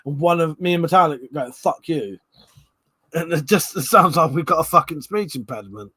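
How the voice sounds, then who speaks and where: A man's voice: on the high side, lively intonation, fast, sharp tone, breathy edge. A man hosting a live stream, chatting loosely with viewers while a bit tipsy, laughing and swearing as he reads the chat.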